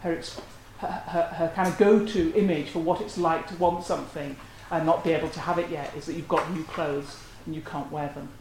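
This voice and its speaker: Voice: mid-range voice, fairly even intonation, brisk, hardly any pauses, a little mellow, a little hiss or hum. A lecturer giving an academic talk in a scholarly, analytical manner. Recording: roomy echo.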